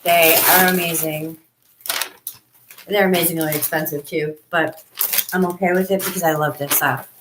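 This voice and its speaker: A woman's voice: steady tone, moderate pace, pauses often, noisy background. A woman, hosting a casual live stream from home and chatting effusively with viewers on a webcam. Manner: chatty and effusive, often acts out her own past lines in a higher voice. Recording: echoey room sound.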